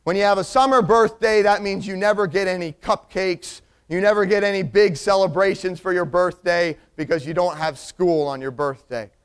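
A man telling a personal story as a sermon illustration, animated and acting out the people in it. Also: high voice, moderate pace, few pauses, clear, resonant tone.

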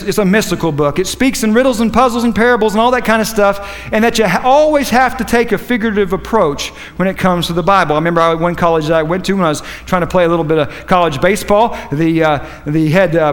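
A man's voice: sits high, long reverb tail. A man preaching a sermon, fervent and repetitive, with rambling asides to the congregation.

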